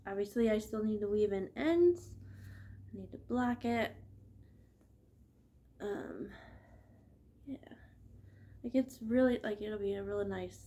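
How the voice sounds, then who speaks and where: Middle-aged woman, unhurried, chatty knitting vlogger, stuffy from allergies. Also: mid-range voice, dark tone. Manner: chatty, laughs often, drifts off topic. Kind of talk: casual chat.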